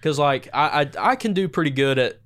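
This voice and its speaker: A man's voice: a little high, animated, a little fast, fairly bright tone. A man chatting casually as a podcast host, often restarting his sentences. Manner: stammering, self-restarting storyteller. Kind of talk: casual chat.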